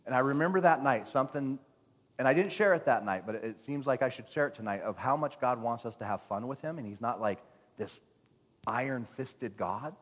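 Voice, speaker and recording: A man's voice: medium pitch, animated, a little fast. A man preaching a playful sermon to his church as pastor, joking with the congregation while telling a story. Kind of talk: lively sermon with stories. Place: church sanctuary. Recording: long church hall reverb.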